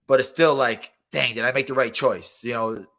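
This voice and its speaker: A man in his thirties, appearing on a podcast as a fighter guest, speaks at medium pitch and a normal pace. He tells stories with excitement in casual conversation, acting out the quotes as he goes.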